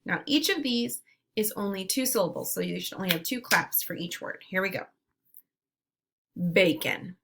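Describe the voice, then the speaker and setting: A woman teacher leading a phonics drill for young children, giving slow, clear, drawn-out word prompts. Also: medium pitch, animated, heavy background noise. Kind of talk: phonemic awareness lesson for young children.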